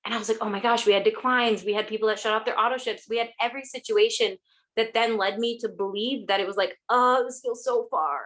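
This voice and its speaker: Fast, lively young woman motivating her team. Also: a little high. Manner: energetic, fast-talking, many "like"s and "oh my gosh". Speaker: network marketing distributor.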